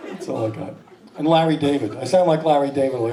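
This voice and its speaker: A man's voice: medium pitch, quick pace. A man in his fifties doing stand-up comedy and slipping into exaggerated voices. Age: 50s. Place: small comedy club stage. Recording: echoey club from a distance, laughing crowd. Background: audience laughter.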